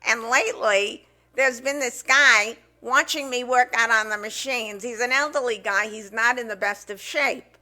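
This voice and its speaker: A woman's voice: a little high, moderate pace, bright, forceful tone. A woman impersonating a chatty, wisecracking woman telling a joke about the gym. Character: sassy middle-aged woman from the gym.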